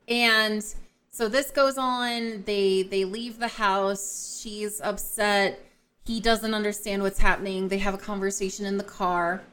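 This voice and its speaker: A woman co-hosting a book podcast, casually retelling and discussing the plot in an unhurried way. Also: medium pitch, a bit bright. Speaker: podcast co-host.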